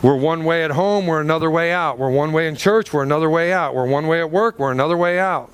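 A man's voice: a little high, fast talker, clean tone, dry recording. A male pastor preaching a sermon in a church, firing rhetorical questions with dramatic swings in his delivery.

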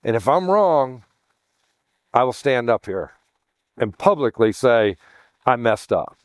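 A man's voice: mid-range voice, sing-song, slow pace, no room sound, studio quality. A man preaching a sermon as pastor, teaching in a chatty way, calling his listeners "guys" and often restarting his sentences.

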